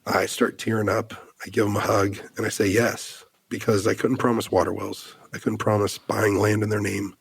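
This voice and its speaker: Man from the US, gravelly and husky, earnest halting storytelling, dry close sound. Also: fairly low pitch, little pitch movement, no echo. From United States. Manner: earnest, halting, many fillers and restarts. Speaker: podcast guest. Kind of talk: emotional personal storytelling.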